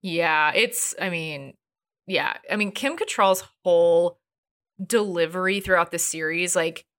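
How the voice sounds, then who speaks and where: A woman chatting casually as a co-host, with a bright, forceful tone. She sounds animated and gushing and keeps piling on fillers as she talks. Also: fairly low pitch, measured pace. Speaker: podcast co-host. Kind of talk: casual chat.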